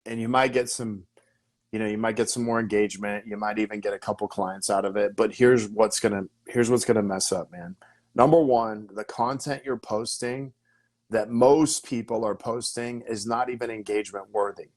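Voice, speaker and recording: A man with a fairly low voice coaches on business as an interview guest. He is energetic and emphatic and keeps checking in with his listeners as he explains his points. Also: moderate pace. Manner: energetic and emphatic, with repeated "okay?" and "right?" checks. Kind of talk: casual teaching in an interview.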